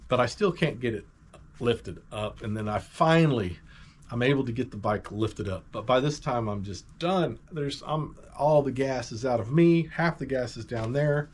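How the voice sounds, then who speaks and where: A middle-aged man tells a personal story in a casual, animated way, with a medium-pitched voice. He talks plainly and acts out bits of the story as he goes. There is a faint noise in the background. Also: normal speed. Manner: animated, conversational, acts out moments.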